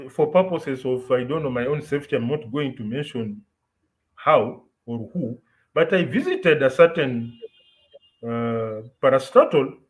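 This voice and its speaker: The speaker is a Kenyan man hosting a podcast, his voice fairly high-pitched, captured on a low-quality recording. Mixing English and Swahili, he tells stories in a relaxed, opinionated conversational style.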